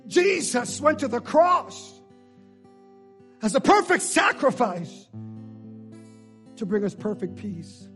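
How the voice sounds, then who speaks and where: A man preaching a sermon as pastor, swinging between shouted pleas and hushed, drawn-out lines with a call-and-response cadence. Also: extremely high pitch, very animated, faint music behind. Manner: shifts between shouting and hushed near-whispers.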